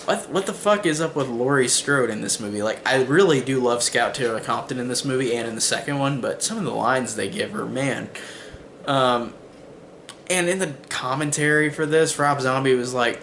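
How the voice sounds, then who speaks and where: A man's voice: medium pitch, moderate pace, a bit bright, slight background noise. A man casually reviewing a movie on his channel, rambling with lots of "like" and "um", and swearing when he gets exasperated. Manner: rambling, heavy use of "like" and "um". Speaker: film reviewer.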